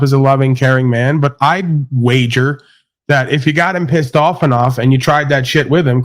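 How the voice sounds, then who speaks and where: A man hosting a live stream, talking in a boastful, rambling, mocking way in crude casual banter. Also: fairly high pitch.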